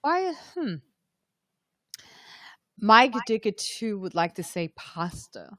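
A woman hosts a relaxed live stream with a voice of medium pitch. She chats freely and stops to read out comments from viewers. The sound is close and dry, with no room echo. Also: takes it slowly. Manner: chatty, reads out viewer comments. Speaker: podcast host. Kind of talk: casual live-stream chat.

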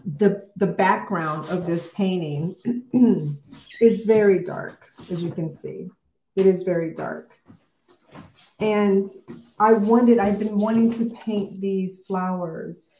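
A woman's voice: medium pitch, slow, slight background noise. Emotional woman hosting a devotional, echoey. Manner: emotional, warm-hearted, rambling with fillers. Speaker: host of morning devotion. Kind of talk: casual devotional livestream.

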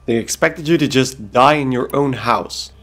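A man's voice: medium pitch, normal speed, a bit bright. A man from Belgium hosting a let's play, chatting casually and making wry asides to viewers. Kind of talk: casual gameplay commentary.

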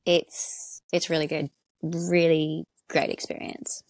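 Female guest actor, a touch low in pitch, earnest and keen, dead-dry recording. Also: level tone, slow pace, a little mellow, no room sound. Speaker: actor and interior designer, guest. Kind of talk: casual interview chat.

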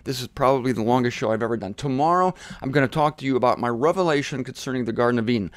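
A man's voice: medium pitch, rapid-fire, no echo. Emphatic man teaching the Bible, dry sound. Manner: emphatic and conversational, with irreverent asides. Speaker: Bible teacher hosting a show. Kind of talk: animated solo Bible teaching.

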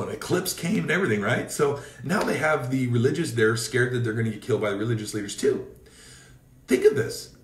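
Man preacher, mid-pitched, fervent declarations and storytelling, roomy off-mic sound. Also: distant mic. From Seattle area, Washington State. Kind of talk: prayer and sermon.

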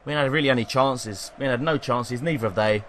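British man, young adult, gameplay commentary, excitable, cursing, bright sharp tone. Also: medium pitch, a little fast. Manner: excitable, swears and yells at the game. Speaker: gaming YouTuber.

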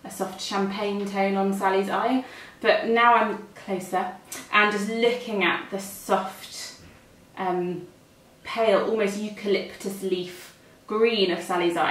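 A woman's voice: medium pitch, steady tone, measured pace, hardly any pauses. British makeup artist talking through her steps, sounds a bit far off in an echoey room. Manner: chatty, explains each step as she works. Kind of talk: makeup demonstration.

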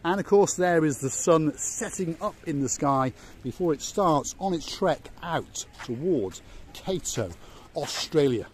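A man's voice: fairly high pitch, animated, a little slow, slight background noise. Jokey man giving a walking-tour commentary. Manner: jokey, playful, repeats words for emphasis. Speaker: vlog host and tour guide. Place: outdoor seaside promenade.

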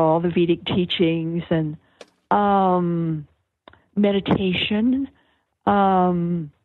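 An older woman, a guest author on an interview, explaining things in a slow, searching way with many fillers and restarts over a phone line. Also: lowish voice, no echo. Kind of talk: reflective conversational explanation. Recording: tinny phone-line sound.

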